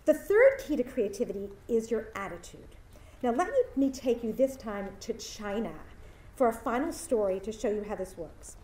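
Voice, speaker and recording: A woman's voice: a little high, very animated, normal speed, mellow, slight background noise. A woman giving a graduation speech, telling a story and acting out the voices of its people. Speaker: commencement speaker. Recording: echoey hall from far off.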